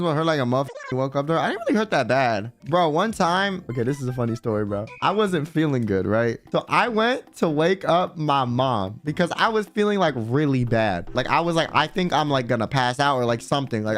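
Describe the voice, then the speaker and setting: A man telling personal stories in a casual, animated, slangy way, swearing freely. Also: fairly high pitch. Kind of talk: casual storytime.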